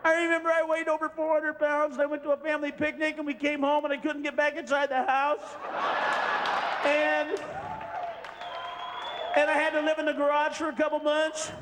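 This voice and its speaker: A comedian playing a tearful middle-aged woman on a weight-loss show who rambles with halting fillers. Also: very high voice, monotone, crowd noise, noisy background. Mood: weepy rambling.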